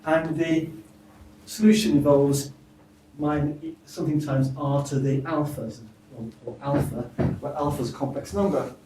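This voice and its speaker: A man giving an academic seminar talk, halting, with frequent restarts and fillers. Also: a little high, fairly even intonation. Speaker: lecturer at a symposium. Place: seminar room. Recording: roomy, distant mic, faint hiss.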